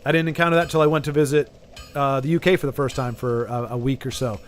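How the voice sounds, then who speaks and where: A man's voice: medium pitch, steady tone, quick pace, slight background noise. Rambling Texan man chatting to his stream. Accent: Southern US, Texan. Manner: rambling and chatty, trails off and restarts. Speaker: game streamer. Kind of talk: casual chat while gaming, talking to viewers.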